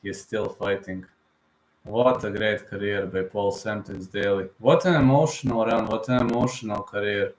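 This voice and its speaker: A man's voice: lowish voice, steady tone, normal speed, slight background noise. Guy in his 30s on a live fight stream, gets emotional, keeps repeating himself, bit of room echo. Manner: emotional, repetitive fan talk.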